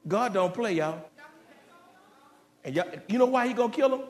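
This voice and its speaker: A man preaches a fiery sermon, his high voice leaping up into shouts and then sinking into slow, heavy warnings. He talks straight at the congregation in a folksy way. The sound rings around a roomy church sanctuary. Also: expressive, faint music behind. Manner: preaching with sudden shouted climbs and drops to low, slow warnings; folksy, direct address to the congregation. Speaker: pastor.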